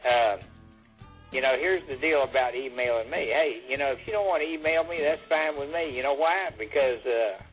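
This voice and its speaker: A man on a dull, muffled phone line chats with a host in a mid-pitched voice. He jokes dryly and drawls through pauses. His delivery stays relaxed and deadpan. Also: faint music behind. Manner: dry, joking, drawling with pauses. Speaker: phone guest. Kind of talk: casual chat.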